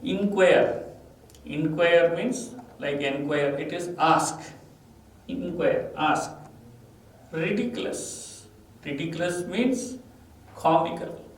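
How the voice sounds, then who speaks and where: A man's voice: on the high side, slow pace, pauses often, distant mic. A man with an Indian English accent, teaching a vocabulary lesson and repeating each word and its meaning with stress. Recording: echoey room, voice off-mic, faint ambient noise.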